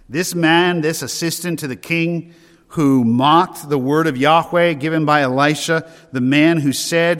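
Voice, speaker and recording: A man preaching a sermon in an earnest way, slowing down to stress key words. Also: fairly high pitch, a bit bright. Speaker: pastor. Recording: hall reverb.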